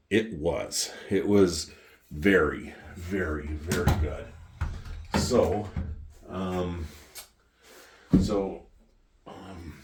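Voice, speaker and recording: Brief: middle-aged Canadian man with a very low voice, chatty and profane storyteller. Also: a little mellow. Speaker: vlogger. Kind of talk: rambling storytelling. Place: home wine cellar.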